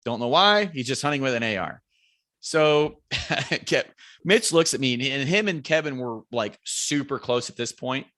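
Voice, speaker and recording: A man with a bright, forceful voice tells a hunting story as a podcast guest, animated and loose-tongued. He swears freely and pitches up to act out friends yelling across a mountainside. The sound is dry and close, with no room around it. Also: moderate pace, no echo. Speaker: podcast guest, bow hunter. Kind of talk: casual hunting story telling.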